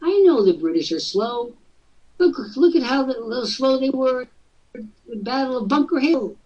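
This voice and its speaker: Male host, husky and high-voiced, jokey coaching talk; dull distant webcast sound. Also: expressive, moderate pace, darkish tone. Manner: jokey, teasing, breaks into mock voices.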